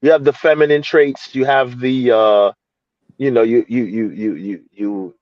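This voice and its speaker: A man's voice: medium pitch, steady tone, measured pace, no echo, dull audio. A man joking around in a casual chat, often repeating himself and laughing.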